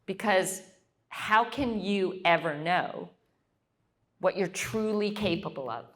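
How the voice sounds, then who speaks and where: Animated woman telling a story. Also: medium pitch, slow. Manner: animated, acts out quoted voices. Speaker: guest speaker.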